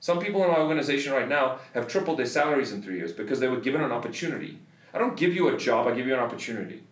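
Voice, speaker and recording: A man's voice: medium pitch, animated, rapid-fire, roomy sound, recorded from a distance. A South African man on a podcast, telling a story in a heated, swearing rant. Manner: swears a lot, heated ranting. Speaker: podcast host. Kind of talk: casual storytelling.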